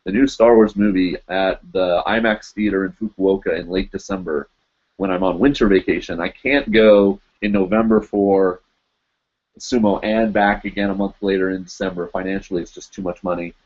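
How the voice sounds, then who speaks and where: A man's voice: deep voice, fairly even intonation, normal speed, a little mellow. Rambling lo-fi livestream host, man. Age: adult, teaches in Japan. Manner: rambling, laughs often, many fillers. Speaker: host of a live web show. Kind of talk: casual live-stream chat reading comments.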